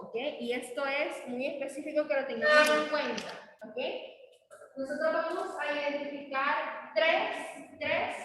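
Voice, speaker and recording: Female English teacher, energetic and coaxing, recorded far off in an echoey classroom. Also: high-pitched, slight background noise. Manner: energetic, coaxing students to repeat. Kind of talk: classroom drill, mixing Spanish and English. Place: classroom, indoors.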